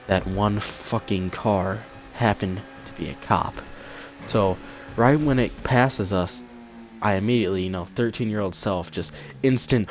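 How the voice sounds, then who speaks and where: A young man tells a story on his vlog in a relaxed, chatty way. He gets animated and acts out what people said. His voice sits fairly low, with a faint hiss underneath. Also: normal speed. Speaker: vlogger. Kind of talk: casual storytime. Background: cat in the room.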